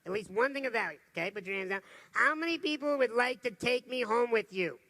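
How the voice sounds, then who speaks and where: Casual: guy doing a pumped up motivational talk to a crowd, kinda gravelly, crisp bright tone. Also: very high voice, a little fast. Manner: energetic, humorous storytelling. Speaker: motivational speaker. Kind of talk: motivational talk to a live audience. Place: stage before an audience.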